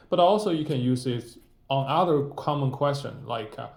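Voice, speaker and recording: Slow, echoey Mandarin teacher drilling sounds. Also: male voice, medium pitch, vocal fry, a little mellow. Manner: slow, demonstrative pronunciation drills, repeating sounds. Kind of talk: short-form language lesson.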